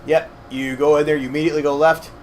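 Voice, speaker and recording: A man's voice: fairly high pitch, level tone, fast. A young man with a slightly scratchy throat, casually explaining a video game to his partner in a hedging, self-deprecating way. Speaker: co-host gamer guiding his partner. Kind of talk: casual let's-play commentary.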